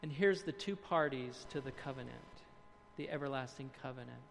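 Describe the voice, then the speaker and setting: A man preaching a sermon, reading quotes aloud, then explaining them with dramatic pauses and hushed emphasis. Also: mid-range voice, vocal fry, long reverb tail, slight background noise.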